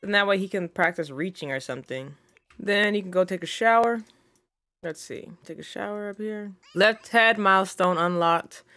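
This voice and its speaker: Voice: mid-range voice, moderate pace, pushed and bright, no room sound. A gaming channel host giving casual let's-play commentary, scolding the game characters and reading on-screen text aloud. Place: home recording setup.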